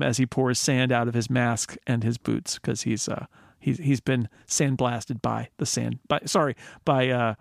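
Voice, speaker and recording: A man talking over a movie with friends in a loose, joking way, wandering into asides as he goes. His voice has a gravelly edge, and the recording is dry and close with no room sound. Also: mid-range voice, steady tone, no room sound. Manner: rambling, joking, quick asides. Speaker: podcast co-host. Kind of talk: casual film discussion.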